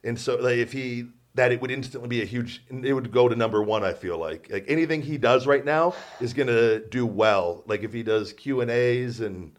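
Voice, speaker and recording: Man, podcast host, casual chat, sarcastic, self-deprecating, mid-pitched voice, rambling. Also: moderate pace, hardly any pauses. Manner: rambling, many restarts.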